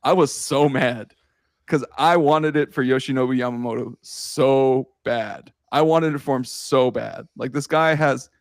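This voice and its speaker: An excitable young man hosts a laid-back sports podcast, laughing a lot and swearing freely. His voice is in an ordinary middle pitch and his pace is measured. The recording is dry and close, with no echo or room sound.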